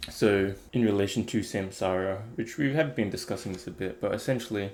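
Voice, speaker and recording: A man's voice: on the low side, a little fast, darkish tone. A man thinking aloud in a casual, reflective talk about meditation, rambling with many fillers. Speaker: meditation vlogger.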